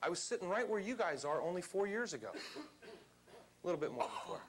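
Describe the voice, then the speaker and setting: A man's voice: high-pitched, very animated, fairly quick, background noise. Motivational man addressing a seminar crowd. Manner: emphatic, quizzes the audience. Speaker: seminar speaker. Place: seminar room before a live audience.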